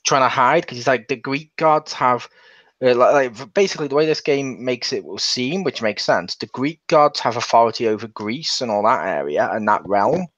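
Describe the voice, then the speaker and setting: A man's voice: mid-range voice, moderate pace, a bit bright, no echo. A man hosting a casual game review, rambling along and restarting his sentences. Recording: dull lo-fi.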